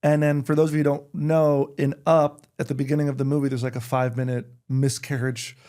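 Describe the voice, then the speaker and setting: A man talking as a podcast guest in casual chat, telling lively stories and acting out the voices of people he quotes. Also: medium pitch, brisk. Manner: animated storyteller, acts out quoted voices. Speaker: guest comedian.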